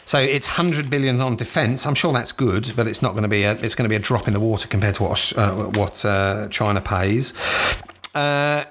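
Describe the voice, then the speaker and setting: A man's voice: fairly low pitch, moderate pace, fairly bright tone, a little hiss or hum. Swearing, ranting man with a London accent. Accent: southeast London English. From England. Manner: profane, ranting, dismissive. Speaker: commentator. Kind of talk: casual newspaper read-through commentary.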